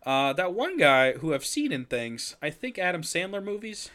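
A man's voice: on the high side, very animated, normal speed, pushed and bright. A man co-hosting a podcast, recapping a movie in casual, profane, joking banter and laughing often. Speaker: podcast co-host.

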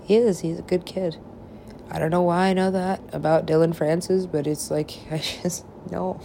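A woman's voice: lowish voice, level tone, normal speed, vocal fry, warm tone, slight background noise. A woman rambling in a drifting, profane monologue that often drops to a whisper.

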